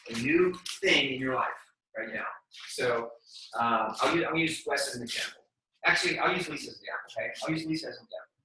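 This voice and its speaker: A man in his forties giving a motivational training talk to a group, energetic and slangy, acting out quotes as he goes. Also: medium pitch. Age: 40s. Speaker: sales team trainer. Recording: very echoey room, mic at a distance.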